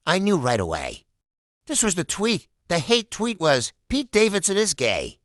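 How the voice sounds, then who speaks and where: A man's voice: sits high, wildly swooping pitch, fairly quick, fairly bright tone, no room sound, clean studio sound. A man doing stand-up, telling a crude, profane story and acting out the people in it. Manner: crude, profane, story told with act-outs. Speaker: stand-up comedian.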